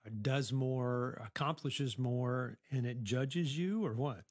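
A man's voice: mid-range voice, slow pace, a little mellow, dry recording, studio quality. Man asking reflective interview questions. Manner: probing, reflective questions with repeated "wow". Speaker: interviewer at a youth program. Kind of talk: counseling-style interview.

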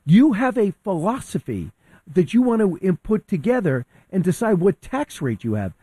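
Animated man with a mellow voice. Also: sits high, moderate pace, husky, dry recording. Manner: animated, quotes people in acted voices. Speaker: radio guest commentator. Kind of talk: opinionated talk radio commentary.

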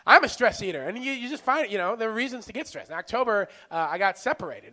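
A man doing a stand-up set, self-deprecating, shifting from muttered asides to shouts. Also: extremely high pitch. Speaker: stand-up comedian.

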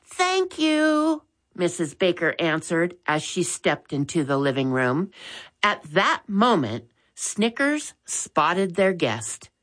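A woman reading a children's chapter book aloud in a slow, expressive way. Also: deep voice. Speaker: storyteller.

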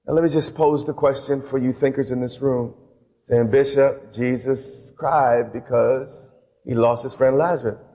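A man's voice: medium pitch, steady tone, mellow. Preaching man in a reverberant church. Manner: preaching with shifting pace, drawn-out emphasis and rising intensity. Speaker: pastor. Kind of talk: sermon. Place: church sanctuary with congregation.

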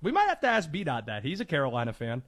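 A man's voice: fairly high pitch, huge pitch swings, fast, a bit bright. A man hosting a sports talk radio show, speaking in emphatic, punchy short phrases.

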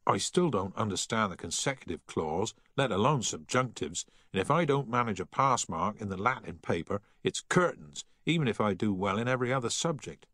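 A man's voice: fairly low pitch, animated, brisk, few pauses, fairly bright tone, no room sound, pitched above the performer's own voice. Man doing a schoolboy, earnest, anxious, pleading, dry close sound.

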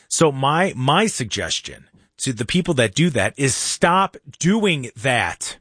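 A man hosting a casual political talk radio show in a studio, animated and mocking, with jokey asides. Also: mid-range voice, moderate pace, slightly rough, no echo.

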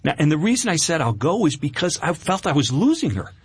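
A man's voice: fairly high pitch, sing-song, fast, slightly rough, no room sound. A middle-aged man giving an earnest, candid personal testimony as an interview guest, with hesitant restarts.

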